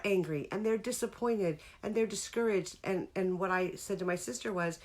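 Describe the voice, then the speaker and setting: A woman's voice: medium pitch, moderate pace, a little mellow. A middle-aged woman hosting a casual live-streamed talk about feelings, speaking earnestly and breaking off to greet viewers by name. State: tearful near the end.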